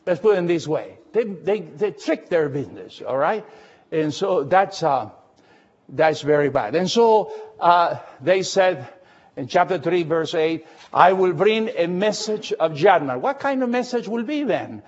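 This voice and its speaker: A man preaching a Bible study, lively and emphatic, full of fillers and questions to his listeners. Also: on the high side, a little slow, highs cut off. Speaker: pastor. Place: church, recorded for radio.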